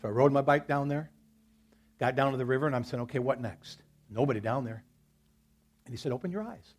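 Speaking fairly quickly in a mid-range voice with mostly even intonation, a male pastor gives a sermon at church. He talks to the congregation conversationally and slips stories in among his scripture quotes.

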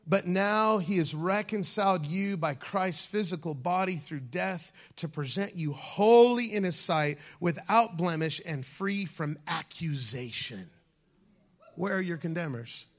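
A man's voice: high voice, a little slow, few pauses. A man preaching a sermon as pastor, calling out to the congregation and dropping at times to a near-whisper. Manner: animated preaching, shifting from shouts to near-whispers.

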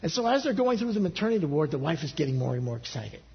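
A man preaching a sermon as pastor, earnest, his pitch rising on pleading questions and dropping low and soft for intimate appeals. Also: sing-song, fast talker. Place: church sanctuary. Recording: husky voice in a long-reverb church hall, dull lo-fi sound.

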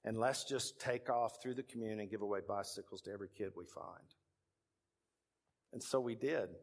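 Man, Texan accent, middle-aged, pastor, sermon storytelling, lively narrator. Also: on the low side, a little fast, vocal fry. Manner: animated storyteller, acts out voices of the people in his story.

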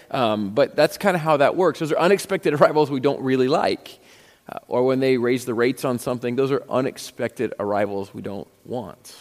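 A man's voice: mid-range voice, expressive, moderate pace, darkish tone. A man preaching a sermon as a pastor, telling stories in a conversational way and acting out the dialogue. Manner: conversational storytelling with quoted dialogue. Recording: long hall reverb.

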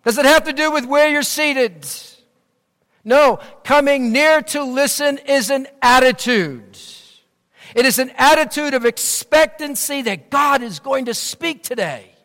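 High-voiced pastor preaching in a reverberant hall. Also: male voice, unhurried, bright, forceful tone. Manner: earnest, rising and falling preaching delivery. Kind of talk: sermon. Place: church sanctuary. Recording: long reverb of a church hall.

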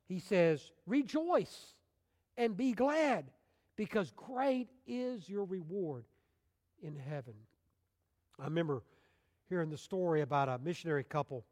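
A male pastor delivering a sermon, booming out scripture quotes and then dropping to soft, low appeals to his listeners. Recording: long hall reverb.

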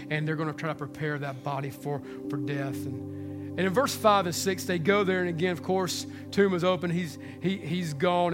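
Impassioned man preaching a sermon. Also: a little high. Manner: impassioned, swings between hushed and loud. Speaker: pastor. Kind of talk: Easter sermon. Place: church hall with congregation.

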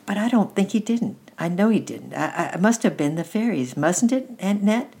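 A woman's voice: mid-range voice, animated, moderate pace, gravelly, mellow, pitched above the performer's own voice. A woman reading aloud, voicing a cheerful five-year-old boy who asks eager, insistent questions.

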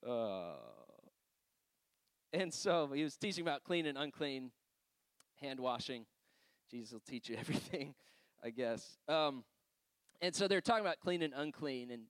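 A man's voice: medium pitch, clean tone, no room sound. A man preaching a sermon, telling personal stories in a loose conversational way with frequent laughs and asides. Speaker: pastor.

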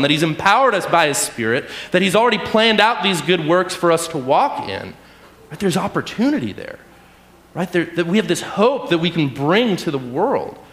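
A man's voice: fairly high pitch, a bit bright, echoey room. A man preaching a casual sermon, talking conversationally and tagging his points with "right?". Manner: conversational, keeps asking "right?".

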